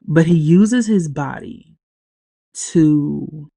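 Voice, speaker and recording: A woman hosting a podcast, casually recapping a TV episode, speaking haltingly with long pauses as she grows teary-eyed. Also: deep voice, gravelly, warm tone, no echo. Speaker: podcast host.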